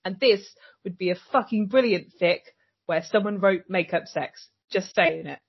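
A woman co-hosting a casual recap podcast, animated and swearing freely as she acts out characters' lines. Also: medium pitch, moderate pace, gravelly, breathy edge. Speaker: podcast co-host. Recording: dull lo-fi sound.

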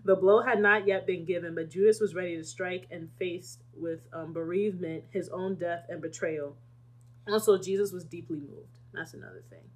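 Husky young woman leading Bible study. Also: on the low side, normal speed. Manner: animated, acts out quotes with laughter. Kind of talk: casual Bible study teaching.

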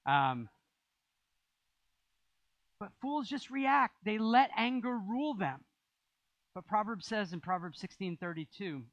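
A man's voice: on the high side, fairly bright tone, dry recording, dull audio. A man preaching a sermon as pastor, in a conversational style with rising emphasis.

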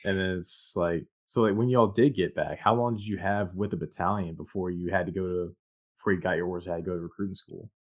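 A man with a low, deep voice hosts the conversation and asks about a guest's service. He talks in a loose, friendly way and fills his sentences with "like". The tone stays informal throughout. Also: fast talker. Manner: relaxed, conversational, leans on "like". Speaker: interviewer. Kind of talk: casual interview questions.

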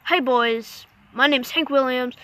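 A woman's voice: sits high, a little slow, fairly bright tone. Woman quoting a stern man scolding. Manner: stern, lecturing.

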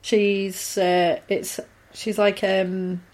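A woman's voice: mid-range voice, flat delivery, very slow, darkish tone. A woman in casual chat, wryly recapping a film with a chatty, easygoing delivery. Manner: chatty, wry, lots of fillers.

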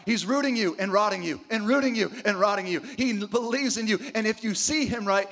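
A man's voice: high voice, normal speed, few pauses, a bit bright. A middle-aged man preaching a sermon, emphatic, asking rhetorical questions and calling for responses from the congregation. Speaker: pastor.

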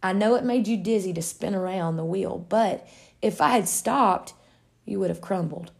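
A woman reading the lines of a patient male potter who calmly explains himself. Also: medium pitch, moderate pace, vocal fry, lightly acted. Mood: reassuring. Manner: steady, explaining gently.

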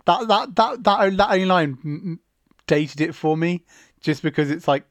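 A man's voice: high voice, steady tone, normal speed, no echo. A man on a casual podcast, talking in a thoughtful, hesitant way. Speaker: podcast co-host. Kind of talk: casual film discussion chat.

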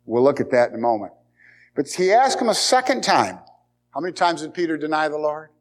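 Man preaching a sermon with a higher voice. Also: big pitch swings, fairly quick. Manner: emphatic preaching with rhetorical questions and repetition. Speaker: pastor.

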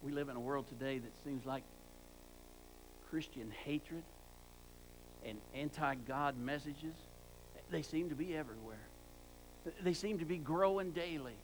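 A man delivers a sermon in a fairly high voice, pressing his points by repeating words. He often trips and restarts mid-word. A faint hum runs under the recording. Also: measured pace, long pauses, rough recording. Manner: emphatic, repeats words for stress. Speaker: preacher.

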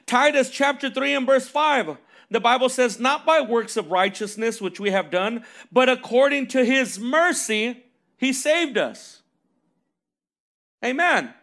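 A man's voice: extremely high pitch, lively intonation, unhurried, a bit bright. A man preaching a sermon, reading scripture and asking rhetorical questions punctuated with "amen" and "right?".

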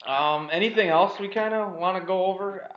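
A man's voice: high voice, normal speed. Blunt swearing guy chatting sports, mid voice, echoey room, bit muffled. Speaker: podcast co-host. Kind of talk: casual chat about sports and news. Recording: roomy, slightly dull lo-fi audio.

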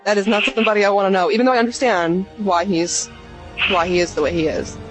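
A woman hosting a live call-in podcast, chatting quickly and laughing often. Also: mid-range voice, fairly even intonation, faint music behind, rough recording. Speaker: podcast host.

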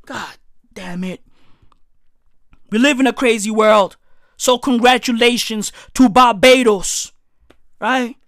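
A young adult woman from South Africa with a South African accent, delivering a loud, profane comedic rant, often shouting. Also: a little high, slow pace, long pauses, no room sound, clean studio sound.

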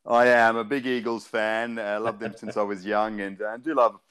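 A man, a sports broadcaster guesting on a casual podcast, speaking in a relaxed, articulate and measured way. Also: fairly low pitch, smooth. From born in South Africa, raised in Perth.

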